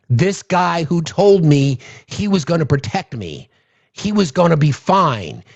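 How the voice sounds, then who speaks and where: A man's voice: on the high side, a little mellow, no echo. A man hosting a political call-in show, talking in an impassioned, profane, ranting way. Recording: dull, lo-fi, dry.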